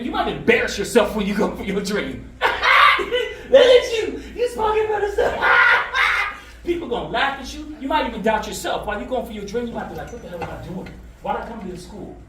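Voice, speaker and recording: High, lively motivational speaker. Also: male voice, noisy background. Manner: lively call-and-response storytelling. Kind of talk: motivational talk to students. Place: school classroom. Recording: echoey room from far off.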